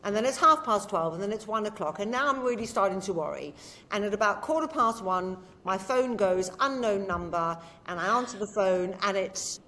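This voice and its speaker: A woman's voice: medium pitch, normal speed. A woman, a podcast guest casually telling family stories and acting out the quotes. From England. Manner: animated, tells stories with acted-out quotes. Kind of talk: casual storytelling chat.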